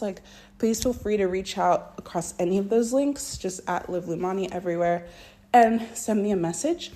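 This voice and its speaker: A woman's voice: medium pitch, darkish tone. A woman hosting her own solo podcast from her bedroom, talking in a casual, reflective way with lots of "like.". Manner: chatty, reflective, peppered with "like". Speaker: podcast host.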